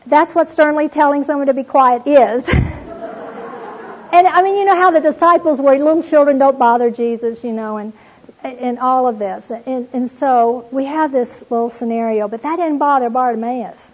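A woman gives a devotional Bible talk, retelling scripture with earnest warmth. Her voice sits a little high and has a husky edge. The recording sounds dull and lo-fi. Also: moderate pace. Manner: earnest storytelling, reads scripture aloud, addresses listeners as "you all". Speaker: Bible teacher.

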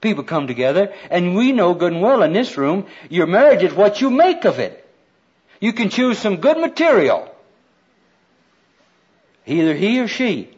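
A man's voice: sits high, sing-song, moderate pace, pauses often, darkish tone, breathy edge. An older man preaching a sermon, quoting scripture with folksy, self-deprecating humor, on a dull lo-fi recording.

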